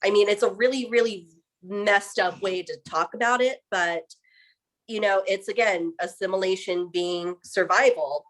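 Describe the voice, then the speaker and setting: A woman's voice: medium pitch, moderate pace, fairly bright tone. A woman speaking as a guest in a casual discussion, earnest and reflective.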